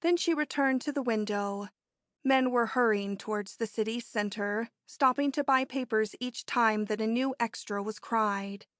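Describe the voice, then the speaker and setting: A woman narrating an audiobook in a measured, even storytelling manner on a close mic. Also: on the high side, no echo. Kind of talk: scripted narration.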